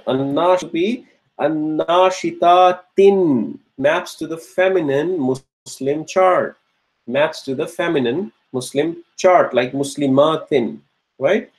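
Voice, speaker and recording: Guy teaching a grammar class, slow and patient, says everything twice, keeps asking okay? right?, voice a bit on the higher side. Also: low-quality recording. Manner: slow and repetitive, restates each answer. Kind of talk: classroom lecture, working through exercises.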